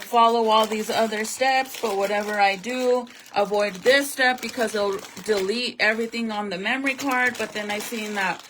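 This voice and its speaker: A woman's voice: on the high side, fairly bright tone, a little hiss or hum. A young woman at home, talking casually to her vlog audience, sad and sometimes close to tears. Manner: sad, venting, sometimes tearful. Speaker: vlogger.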